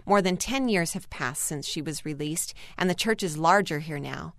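A woman reading aloud an earnest first-person article as scripted narration, calm and steady. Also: low-pitched, normal speed, no echo, clean studio sound. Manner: calm, earnest storytelling read.

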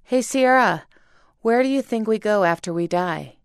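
A woman's voice: mid-range voice, lively intonation, normal speed, clear, resonant tone, no echo, voice pushed up, natural voice. Woman reader voicing a curious teen girl friend, casual questions, dry close sound. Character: curious teenage schoolgirl friend.

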